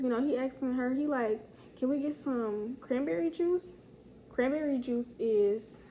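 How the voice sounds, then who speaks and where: A young woman with a fairly high voice tells a story from her own life in a loose, slangy way, jumping up in pitch whenever she acts out what people said. A faint hiss sits under her voice. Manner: animated, slangy, acts out quotes in higher voice. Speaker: storytime vlogger. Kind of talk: casual storytelling.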